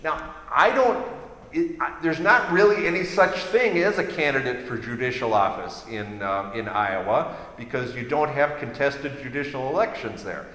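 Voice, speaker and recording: A man giving a legal ethics lecture, pausing often with "uh" fillers and dry asides. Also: mid-range voice, fairly bright tone. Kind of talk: continuing-education lecture. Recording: echoey hall reverb.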